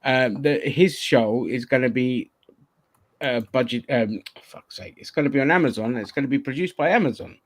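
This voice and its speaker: A man's voice: mid-range voice, normal speed, no room sound. A man hosting a casual online chat show, rambling and swearing, with lots of restarts. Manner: profane, rambling, many restarts. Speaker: podcast host.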